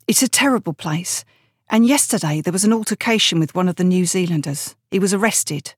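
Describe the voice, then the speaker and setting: A woman's voice: fairly low pitch, fairly quick, slightly rough, no room sound, studio quality. A woman voicing a shaken, weary young male private in an audiobook, talking earnestly and with some hesitation.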